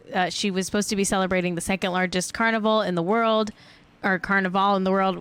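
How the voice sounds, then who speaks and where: A woman's voice: medium pitch, fairly bright tone, clean tone. A young adult woman hosting a celebrity gossip show, chatting casually and joking with frequent giggles. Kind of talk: casual live-stream chat.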